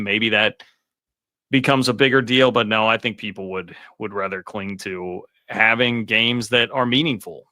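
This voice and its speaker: A man hosting a college sports talk show, with a bright, forceful tone and a low-pitched voice. His sound is close and dry, and he talks in a loose, relaxed way with plenty of fillers. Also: dry recording. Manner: relaxed, conversational, many fillers. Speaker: podcast host.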